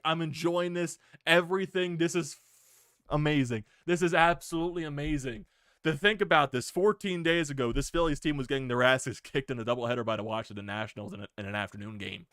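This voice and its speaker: A young man hosting a sports video, giving an excited fan reaction rant, swearing freely and laughing. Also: on the high side, smooth, no room sound, clean studio sound.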